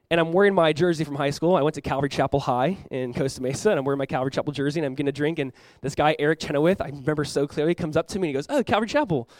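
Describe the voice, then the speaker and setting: A young pastor from Southern California preaches a sermon in a high voice, speaking quickly and telling his story in an animated way while acting out the people he quotes. The recording is dry and close, with no echo.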